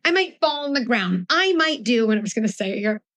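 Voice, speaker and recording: Animated woman in her forties, dry sound. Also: on the high side, quick pace, no room sound. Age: 40s. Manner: animated, acts out scenes with her kids in changing voices. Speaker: parenting expert guest. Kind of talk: live talk before an audience.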